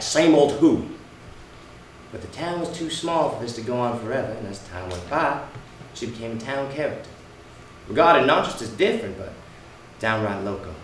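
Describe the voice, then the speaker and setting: A man's voice: mid-range voice, slight background noise, close to an everyday voice. A man playing a sneering bully husband. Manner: sneering, taunting, forceful. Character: brash working-class husband, mocking, bullying. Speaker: stage actor. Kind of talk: amateur stage play performance. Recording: echoey room, distant mic.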